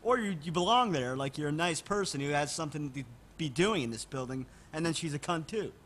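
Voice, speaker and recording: A man's voice: fairly high pitch, animated, fairly quick, fairly bright tone, a little hiss or hum. A man guest in a casual comedic chat, making blunt and profane quips. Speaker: podcast guest.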